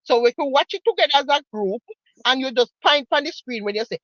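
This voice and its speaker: A woman with a Jamaican accent holds forth in casual chat, mocking and emphatic, hammering her points home by repeating them. Her voice sits a little high. The recording is dry and a bit dull, like a low-fi home setup. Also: animated, fast, a bit bright, no echo. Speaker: online commentator.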